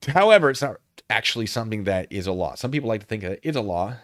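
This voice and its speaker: A man's voice: mid-range voice, animated, racing, fairly bright tone, dry recording, studio quality. A young man casually commenting on a video during a live stream, joking and reading chat messages aloud.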